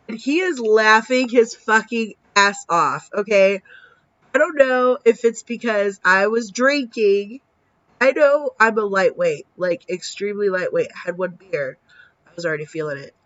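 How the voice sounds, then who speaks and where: Slow-talking woman in her thirties. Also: medium pitch, dry recording. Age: 30s. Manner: animated, acts out quoted dialogue, swears casually. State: tired from little sleep. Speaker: vlogger. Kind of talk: casual storytelling vlog. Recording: dull lo-fi sound.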